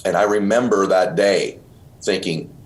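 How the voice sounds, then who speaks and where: Middle-aged male host, low voice, earnest and emotional storyteller. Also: steady tone, a little slow. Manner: earnest, calls listener brother and bro. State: choked up. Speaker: podcast host.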